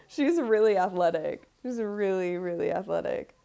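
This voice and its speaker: A woman hosting a live game watch party, chatting with viewers and reacting out loud to each play. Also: mid-range voice, wildly swooping pitch, a little slow, creaky. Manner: talks to chat viewers. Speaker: livestream host.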